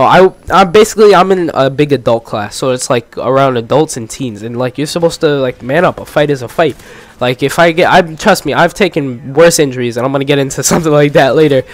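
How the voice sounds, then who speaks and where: A teenage guy hosting his own channel, telling a long story in a rambling way, full of fillers and restarts. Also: a little high. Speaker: gaming channel host. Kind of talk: casual storytelling commentary.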